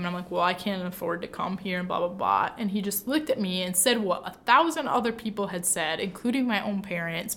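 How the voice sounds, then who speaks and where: A woman's voice: medium pitch, a little hiss or hum. A young woman from the Midwest telling a personal story in casual chat, talking chattily with lots of fillers. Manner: chatty, lots of "like", animated retelling.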